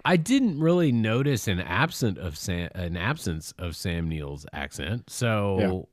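A man's voice: sits low, measured pace, dry recording, studio quality. A man on a podcast casually recapping a movie, laughing often and grumbling about its plot. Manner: lively, laughs often, exasperated. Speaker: podcast co-host.

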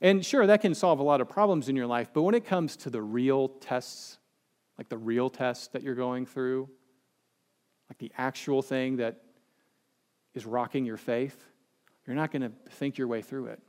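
A man's voice: medium pitch, normal speed, a little mellow. A male pastor giving a casual, conversational sermon with humorous asides and acted-out quotes. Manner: chatty, joking, acts out quoted people.

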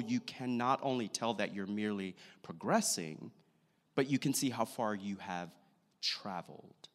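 A pastor preaches a sermon at an unhurried pace and slows down deliberately to drive a point home. His voice sits at an ordinary middle pitch for a man. A long reverb trails behind it, as in a large sanctuary. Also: a bit bright. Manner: measured preaching with slow, deliberate emphasis.

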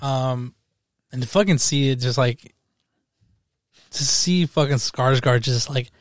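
A young man co-hosting a casual film review podcast, animated and profane, often acting out quotes from scenes. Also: medium pitch, slow, no room sound, studio quality. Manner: animated, swears a lot, acts out quotes. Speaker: podcast co-host.

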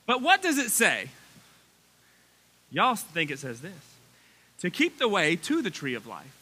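Pastor, man, 30s: folksy, animated sermon delivery in a sanctuary, high bright voice with lots of swing. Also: moderate pace. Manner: animated, folksy preaching with rising excitement. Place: church sanctuary.

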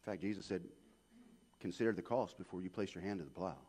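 A man preaching a sermon, swinging from hushed asides to shouted peaks. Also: deep voice, quick pace, slightly rough. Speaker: pastor.

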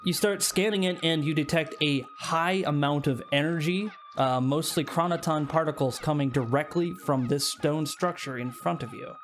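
A man's voice: on the high side, moderate pace, few pauses, fairly bright tone, a little hiss or hum. Laid-back male game master. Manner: loose, joking, many fillers. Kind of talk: casual tabletop game narration.

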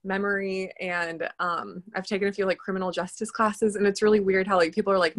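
Giggly young woman full of "like". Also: medium pitch. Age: young adult. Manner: quick and giggly, full of "like" and fillers. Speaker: college student. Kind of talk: casual chat.

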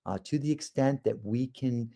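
A man's voice: medium pitch, normal speed, gravelly, mellow. A man, a trial lawyer, giving a podcast lecture on cross-examination in a conversational way, with frequent ums and uhs.

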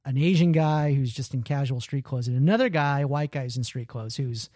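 A man in casual chat, retelling a film scene and acting out its lines with lively energy. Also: mid-range voice, brisk, dry recording, clean studio sound. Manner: animated storytelling, acts out quoted lines.

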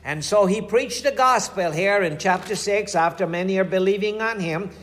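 A man's voice: high voice, normal speed, fairly bright tone. A middle-aged man, preaching a sermon in a folksy storytelling way, weaving in scripture quotes. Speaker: pastor.

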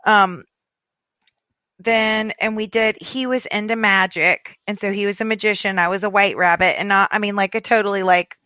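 A woman's voice: mid-range voice, steady tone, normal speed, pushed and bright, dry recording. A woman in her thirties chatting casually as a podcast co-host, rambling and cutting herself off as she goes, tired and yawning. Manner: chatty, rambling, self-interrupting. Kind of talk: casual chat.

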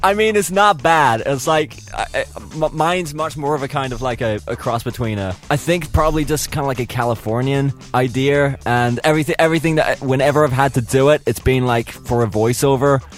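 A man's voice: medium pitch, fairly quick, few pauses, faint music behind. A man co-hosting a podcast, chatting casually with a laughing, self-deprecating manner. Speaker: podcast co-host. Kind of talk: casual banter.

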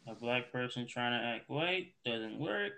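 A man co-hosting a podcast in casual chat, halting and repeating words as he searches for them. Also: medium pitch, animated, creaky, bright, forceful tone. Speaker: podcast co-host.

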